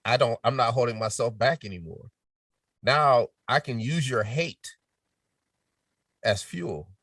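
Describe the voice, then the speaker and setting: A middle-aged man speaking as a podcast guest in casual chat, telling lively stories and switching into quoted voices, sometimes dropping to a near whisper. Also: mid-range voice, a little slow, dry recording, studio quality, recorded from a distance. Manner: animated storytelling with quoted voices, drops to a near whisper to demonstrate.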